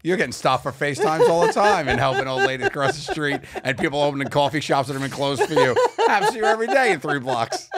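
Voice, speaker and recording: A man's voice: a little high, fast talker, few pauses, background noise. A man co-hosting a comedy podcast, telling stories in casual chat and laughing often. He speaks into a close studio mic. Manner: animated, laughing storyteller. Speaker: podcast co-host.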